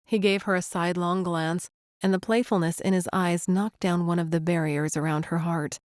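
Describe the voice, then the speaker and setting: A woman's voice: lowish voice, fairly even intonation, moderate pace, no echo. Woman narrating a romance audiobook, dry. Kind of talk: scripted narration.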